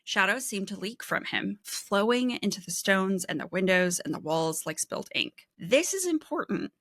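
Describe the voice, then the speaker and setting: A woman's voice: mid-range voice, animated, moderate pace, fairly bright tone, dry recording, clean studio sound. A woman co-hosting a book podcast over a video call, laying out careful analysis and reading quotes aloud. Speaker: podcast co-host. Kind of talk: casual book discussion.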